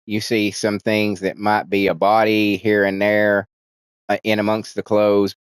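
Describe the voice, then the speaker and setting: A man's voice: fairly low pitch, clear, resonant tone, no echo. A man casually recapping a movie's plot as a reviewer, rambling and swearing, restarting sentences and acting out characters' lines in livelier voices. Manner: profane, rambling, frequent restarts, animated voices for quotes.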